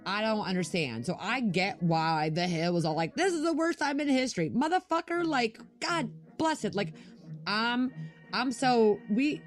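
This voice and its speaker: A young adult woman co-hosting a podcast, ranting angrily with lots of swearing in casual chat. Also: medium pitch. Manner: angry, profane ranting. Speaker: podcast co-host.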